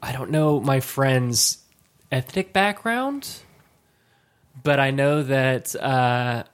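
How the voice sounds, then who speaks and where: A man in his late thirties telling a casual story as podcast co-host, rambling and halting with many restarts. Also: medium pitch, big pitch swings, smooth. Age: late 30s.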